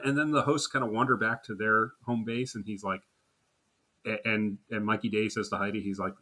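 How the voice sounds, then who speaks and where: A man's voice: medium pitch, normal speed, bright, forceful tone. A man co-hosting a casual chat podcast, laughing often and acting out quotes as he talks. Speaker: podcast co-host.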